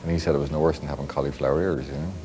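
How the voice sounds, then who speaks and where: A man's voice: very deep voice, little pitch movement, racing, dark tone. A man interviewed for a documentary, telling an amused anecdote.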